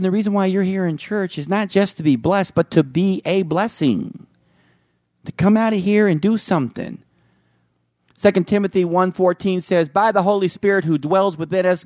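A man's voice: sits high, no room sound, studio quality. A man preaching a sermon as a pastor, emphatic and repeating phrases for effect.

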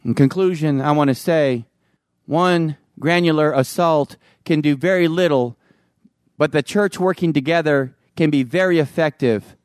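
A male pastor with a high voice delivers an emphatic sermon, driving points home through repetition. The sound is dry and close, with no room around it. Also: darkish tone, no room sound. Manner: emphatic, repeats phrases for effect.

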